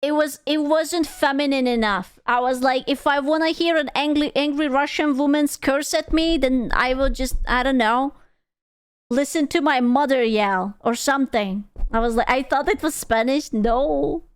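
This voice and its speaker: A woman's voice: sits high, moderate pace, dry recording, studio quality. A young woman streamer reacting to a video in casual, crude, jokey commentary, often stumbling and restarting her sentences.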